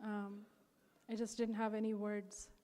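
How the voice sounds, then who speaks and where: A woman's voice: medium pitch, monotone, unhurried, mellow. A young woman telling a personal testimony at a devotional gathering, earnest and emotional, with many fillers. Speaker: speaker sharing a personal testimony. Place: large hall. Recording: hall reverb.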